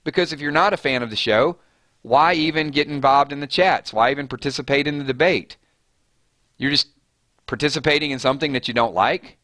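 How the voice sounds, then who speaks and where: A man hosting a live fan commentary stream, animated and argumentative in a conversational way. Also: medium pitch, a little fast, no room sound. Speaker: host.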